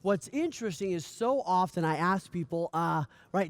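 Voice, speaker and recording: A man giving a motivational coaching speech, energetic, often asking "right?" and acting out little dialogues. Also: high voice, fast talker, hardly any pauses, no echo. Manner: energetic, repeats "right?" often, stammers on restarts; acts out dialogue in lively voices. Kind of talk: motivational talk.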